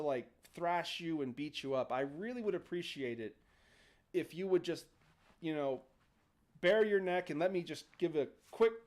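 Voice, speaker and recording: A man's voice: on the high side, darkish tone, voice pushed down, close to an everyday voice. A man doing an exasperated ancient genie. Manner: put-upon, apologetic yet murderous.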